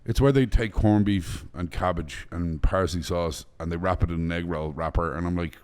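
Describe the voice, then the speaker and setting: A man's voice: low voice, moderate pace, hardly any pauses, a little mellow, clean tone. A man with an Irish accent, chatting as a guest chef on a podcast, blunt and profane. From Ireland. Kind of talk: casual podcast chat.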